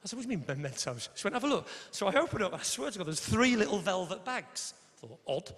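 A middle-aged man doing stand-up comedy, swearing and telling stories in animated mimicked voices. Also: high-pitched, fast talker. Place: large hall with a live audience. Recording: live hall echo, faint noise.

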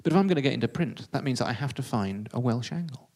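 A man's voice: mid-range voice, lively intonation, fast, a little mellow. A man telling a comic first-person story in a self-deprecating, conversational way.

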